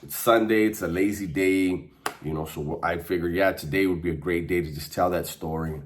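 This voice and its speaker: A man's voice: low-pitched, steady tone, normal speed, a little hiss or hum. A man telling a prison story in a casual, slangy monologue, laughing now and then. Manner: laid-back, slangy, laughs while telling. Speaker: storyteller recounting prison life.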